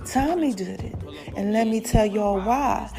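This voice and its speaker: A woman podcast host, recapping a TV episode in an animated, chatty way, calling her listeners y'all and acting out the characters' lines. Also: mid-range voice, measured pace, music in the background. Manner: animated, addresses listeners as y'all, acts out quotes.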